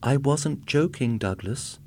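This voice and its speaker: A man reading aloud and voicing a wife who accuses her husband and then speaks in a quiet, controlled way. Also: medium pitch, big pitch swings, takes it slowly, a little hiss or hum, voice pushed up. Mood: cold. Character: anxious woman, a wife confronting husband.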